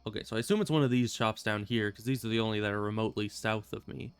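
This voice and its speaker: A man's voice: lowish voice, steady tone, quick pace, clear, resonant tone, no echo. A man streaming a video game, chatting casually and rambling with self-amused asides. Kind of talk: casual gameplay commentary.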